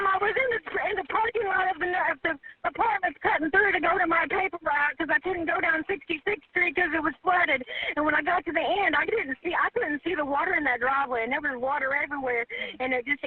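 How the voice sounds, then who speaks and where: A panicked woman with a high-pitched voice speaks fast as she calls 911, crying and pleading, repeating herself and addressing the operator as ma'am. The emergency call is a tinny phone-line recording with no room sound.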